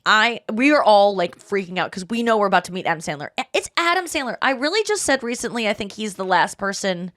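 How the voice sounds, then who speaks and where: A woman's voice: mid-range voice, fast, few pauses. A woman in her thirties hosting a podcast, telling a story in casual chat and acting out what people said. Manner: animated storytelling, acts out quoted voices. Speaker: podcast host.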